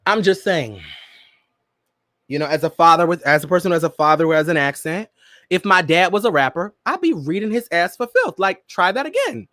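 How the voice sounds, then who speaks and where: Animated high-voiced man hosting a chat show. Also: fairly quick, dry recording, clean studio sound. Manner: animated, dramatic, laughing often. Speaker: podcast host. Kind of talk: casual pop-culture commentary.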